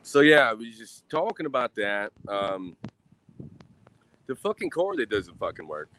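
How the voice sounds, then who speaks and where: A man's voice: mid-range voice, sing-song, measured pace, a bit bright, slight background noise. A man in his thirties talking to himself in a loose, rambling monologue, swearing often and sighing while he drinks beer. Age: 30s. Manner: rambling, swears a lot, sighs.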